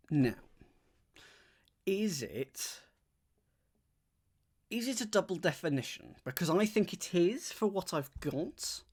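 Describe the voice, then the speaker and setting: A man solving a crossword on a live stream, thinking aloud, reading clues out slowly and chatting with his viewers. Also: sits high, expressive, darkish tone.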